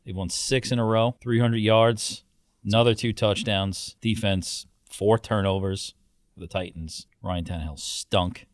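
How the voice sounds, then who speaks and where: Deep-voiced man recapping football games. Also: fairly even intonation, no room sound, studio quality. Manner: brisk recap delivery, blunt. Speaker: podcast host running game recaps. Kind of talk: casual sports chat.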